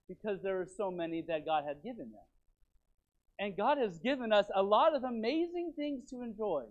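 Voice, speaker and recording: A man preaching a sermon as pastor in his church, rambling and repeating himself with animated stops and starts. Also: high-pitched. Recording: tinny phone-like sound.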